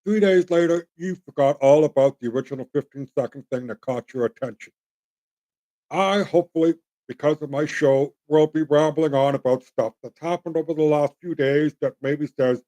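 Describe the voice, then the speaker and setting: A man's voice: on the high side, normal speed, warm tone. A middle-aged man from Canada hosting his own show, rambling bluntly and folksily as he talks straight to his viewers. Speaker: host. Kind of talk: opinionated solo commentary.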